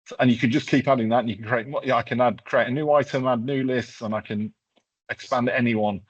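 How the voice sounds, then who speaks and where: A man's voice: medium pitch, fairly even intonation, fast, husky. A man presenting a hands-on workshop, talking casually through a live tech demo with lots of fillers and restarts. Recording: slightly dull lo-fi sound.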